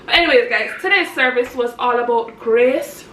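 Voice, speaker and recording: Woman vlogger, high voice, rambling and chatty, recorded from a distance in an echoey space. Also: normal speed, background noise. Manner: rambling and chatty, laughs often. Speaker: vlogger and mother. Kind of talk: casual chat to camera.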